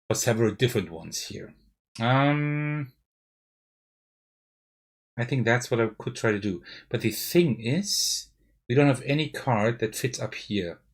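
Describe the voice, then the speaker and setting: A man with a German accent, streaming a live card game playthrough and thinking aloud, often checking himself with "right?". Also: medium pitch. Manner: thinking aloud, self-questioning with frequent "right?". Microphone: desk mic with face cam.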